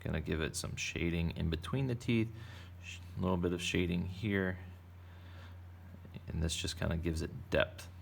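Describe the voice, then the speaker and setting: A man's voice: low-pitched, moderate pace, creaky, slight background noise. A man casually teaching kids to draw, playful and chatty as he narrates each step. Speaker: art teacher. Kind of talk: casual drawing tutorial for kids.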